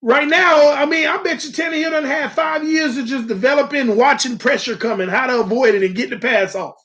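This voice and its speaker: Talking animatedly and directly to his viewers, a man hosts a casual sports talk show on a live stream. His voice is very high and fairly bright, and he speaks briskly.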